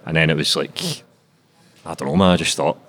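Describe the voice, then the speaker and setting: A young Glaswegian man with a very low voice rattles through his story at speed. He is laid-back and sweary, peppering every sentence with "man" and "mate". It sounds like a casual interview chat. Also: brisk, a bit bright. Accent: Glaswegian Scottish. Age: 20s. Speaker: author being interviewed.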